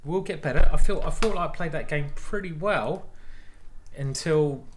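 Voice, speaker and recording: A man, a chess grandmaster, giving lively, self-mocking live commentary on his own games as he plays them. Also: on the high side, a little slow, a little hiss or hum. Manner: animated, exclaiming, self-mocking banter.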